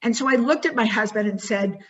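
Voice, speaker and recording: A woman giving a motivational talk, telling a personal story expressively and then guiding listeners through a slow reflection. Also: fairly high pitch, fairly bright tone, highs cut off. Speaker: keynote speaker.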